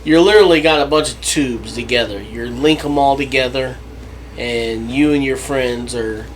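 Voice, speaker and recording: With a mid-range voice on a low-quality recording with slight hiss or hum, a man co-hosts a laid-back podcast. He tells meandering stories, cursing freely and cracking himself up.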